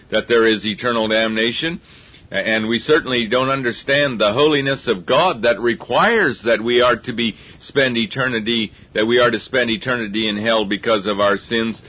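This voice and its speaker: A man preaching a sermon in an earnest, reasoning way, often repeating words as he builds his point. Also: mid-range voice. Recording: dull lo-fi recording.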